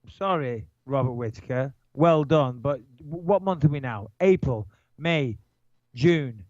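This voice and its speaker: A man with a nasal Manchester-area English accent, co-hosting a podcast in brash, swearing, animated banter. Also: medium pitch, unhurried, no echo, dull audio. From England. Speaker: podcast co-host.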